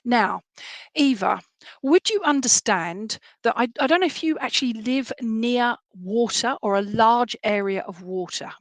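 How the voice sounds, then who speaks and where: A woman's voice: a little high, measured pace, no echo. A woman psychic medium giving a chatty, rambling live-stream reading, full of fillers and restarts.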